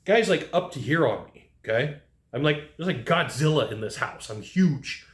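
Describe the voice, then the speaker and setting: A man giving casual advice to HVAC technicians, telling lively work stories and acting out what people said. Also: a little high, normal speed, roomy sound. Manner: animated storyteller who acts out quotes. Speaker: HVAC sales trainer.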